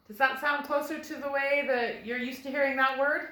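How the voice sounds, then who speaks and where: A woman teacher leads a phonics lesson for first graders. Her voice is bright and a little high, and she moves slowly and patiently through each sound. The recording has a noticeably echoey room. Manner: slow, patient, sounding words out.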